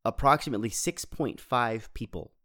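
A man's voice: medium pitch, normal speed, a bit bright. A man co-hosting a casual podcast, picking apart a movie's logic and laughing easily. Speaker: podcast co-host.

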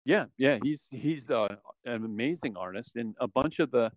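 A man's voice: mid-range voice, normal speed, no echo, muffled recording. A man, a former special operations soldier, talking casually as an interview guest, rambling with many restarts and fillers. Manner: relaxed, rambling, frequent "you know" and restarts.

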